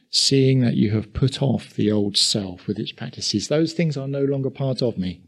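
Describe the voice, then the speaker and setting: A man's voice: medium pitch, expressive. An older man with an Essex accent preaching a sermon in a conversational way, full of asides to the congregation. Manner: conversational, with asides and quick chuckles.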